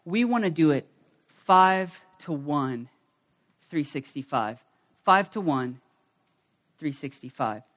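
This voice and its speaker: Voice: medium pitch, expressive, slow, long pauses, a bit bright. A pastor preaching a sermon at a church service, energetically repeating key phrases and getting the congregation to say them back.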